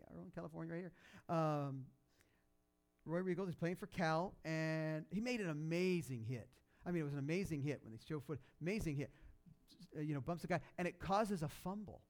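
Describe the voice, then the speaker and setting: Guy preaching, chatty storyteller, slightly high voice, gets loud and then goes soft. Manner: animated storytelling, loud and rising when excited, soft and low at sad moments; conversational, with many fillers and restarts. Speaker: pastor. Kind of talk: sermon storytelling.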